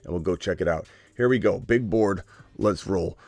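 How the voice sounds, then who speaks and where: A man hosting a live stream, joking and excitable as he talks through his picks, sometimes dropping to a hushed whisper. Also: low-pitched, moderate pace, no echo. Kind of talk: casual live-stream commentary.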